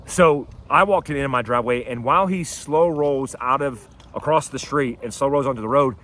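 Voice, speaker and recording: A man telling a personal story to camera outdoors, casual and animated, acting out what people said. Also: mid-range voice, fairly quick, slight background noise. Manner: animated, acts out quotes in a raised voice. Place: outdoors by his house and driveway.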